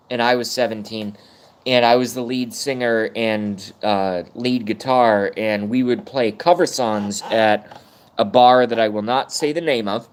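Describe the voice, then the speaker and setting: A man's voice: mid-range voice, clear, resonant tone. A middle-aged man ranting casually on a livestream, rambling and swearing while chatting with viewers. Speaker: livestream host.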